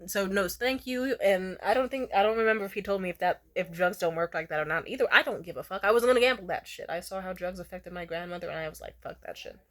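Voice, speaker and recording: A young woman in casual storytime chat, animated and swearing freely, jumping into squeaky high voices when she quotes people. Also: fast talker, hardly any pauses. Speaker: vlogger.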